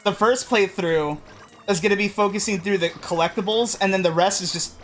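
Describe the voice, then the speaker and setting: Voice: mid-range voice, brisk, a bit bright, faint music behind. A streamer giving casual commentary while playing a game, rambling and correcting themselves often. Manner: rambling, with frequent restarts and self-corrections. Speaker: let's play streamer.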